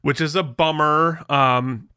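Chatty bright-voiced man, podcast co-host. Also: fairly high pitch, steady tone, slow pace, clean tone, dry recording, clean studio sound. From Vermont. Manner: chatty and self-deprecating, many fillers. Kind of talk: casual podcast chat.

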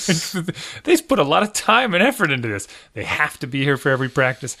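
A man in his thirties co-hosting a podcast, chatting casually. He rambles, restarts often and pokes fun at himself, at a middle pitch. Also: sing-song, fast, hardly any pauses, pushed and bright. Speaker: podcast co-host. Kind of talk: casual chat.

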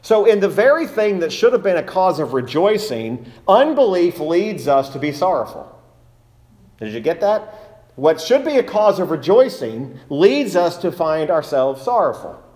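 A man's voice: on the high side, darkish tone. A man preaching a sermon as pastor, emphatic, repeating key phrases and asking rhetorical questions.

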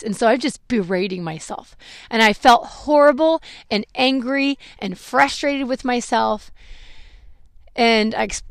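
A woman's voice: on the high side, a little slow, no echo. Middle-aged woman host, candid rambling storyteller, dry close sound. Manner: candid, rambling, self-reflective, with acted-out quotes. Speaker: podcast host. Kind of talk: personal storytelling monologue.

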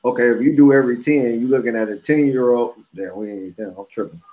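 A man chatting casually as a podcast co-host, reasoning things through in a measured way. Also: medium pitch, highs cut off. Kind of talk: casual chat.

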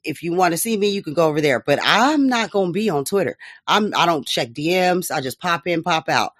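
A woman's voice: fairly low pitch, animated, fairly quick, a bit bright, no echo, clean studio sound. A woman hosting a podcast, giving casual political commentary in a profane, laughing, mocking way. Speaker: podcast host.

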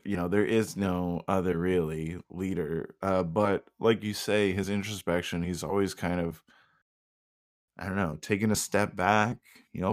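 A man with a very deep voice and a gravelly rasp, chatting in a relaxed comedic way. He hesitates with plenty of ums and likes, laughing along as he goes. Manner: laid-back, laughing, hesitant with fillers. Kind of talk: casual comedic chat.

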